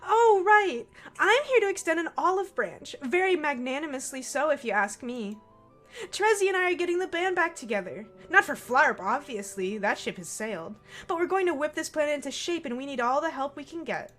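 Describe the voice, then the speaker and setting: A woman voicing a brash, bossy teenage troll girl in a loud, pushy voice with a valley-girl tilt. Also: high voice, animated, a little fast, soft background music, pitched above the performer's own voice.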